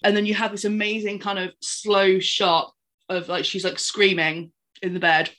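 Brief: woman, podcast co-host, animated rambling film recap, mid pitch. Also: moderate pace. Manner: animated, rambling retelling with many fillers. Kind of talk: casual chat recapping a film.

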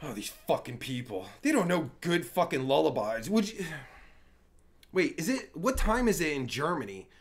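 A crude, foul-mouthed male streamer with a gravelly, fry-laden voice. His pitch swings widely as he mocks and rambles through a livestream commentary. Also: big pitch swings, moderate pace. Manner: crude, profane, rambling and mocking. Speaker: livestream host.

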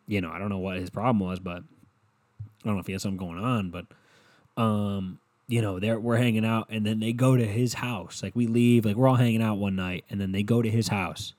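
A man's voice: lowish voice, a little mellow. A young man hosting a solo podcast, rambling casually with lots of profanity and filler words. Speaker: podcast host.

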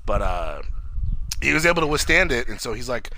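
A man's voice: medium pitch, very animated, brisk, sharp tone. A man chatting casually about a movie, crude and profane, acting out lines from scenes. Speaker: podcast co-host. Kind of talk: casual movie review chat.

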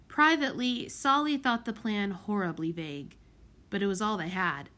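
A woman narrating a children's audiobook in an expressive, measured way. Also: mid-range voice. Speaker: audiobook reader.

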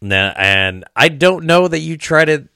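A man's voice: on the high side, sing-song, a little slow, bright, forceful tone, clean tone, no echo, studio quality. A man from the American Midwest hosting a casual podcast chat, laid-back, swearing freely and laughing often. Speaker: podcast host.

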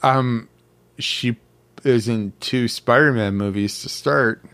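A man co-hosting a casual chat, joking in an unhurried way. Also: medium pitch, fairly bright tone, no echo. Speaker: podcast co-host.

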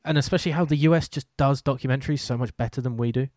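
A man's voice: medium pitch, very fast, darkish tone, no echo, studio quality. A British man hosting a casual chat, a sports commentator who talks in a loose, self-deprecating way with many restarts.

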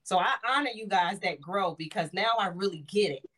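Lady in her 40s telling stories on a chat show, acts out the quotes, lively. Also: medium pitch, brisk, slightly rough. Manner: animated storyteller, acts out quotes. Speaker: podcast co-host. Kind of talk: casual chat.

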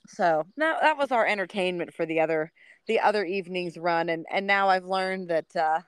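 A woman co-hosting a podcast, telling a story in casual chat, swearing freely and acting out quotes in a high voice. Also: normal speed, smooth, no echo. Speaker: podcast co-host.

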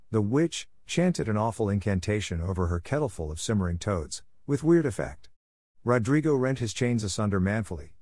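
A man narrating a classic novel in a measured, expressive reading. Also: fairly low pitch, no room sound, clean studio sound.

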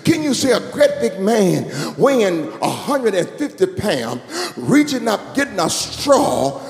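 A man preaching a sermon as bishop, calling to the congregation and rising into sung shouts. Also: high voice, sing-song, a little slow, creaky. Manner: call-and-response preaching, building to sung shouts. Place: church sanctuary. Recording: echoey church hall with music.

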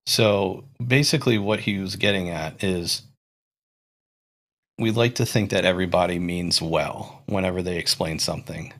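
Young guy hosting a chill podcast, deep voice, rambles and restarts a lot. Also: fairly even intonation, normal speed, a bit bright. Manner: rambling, thinking aloud with restarts. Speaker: podcast host. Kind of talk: casual podcast chat.

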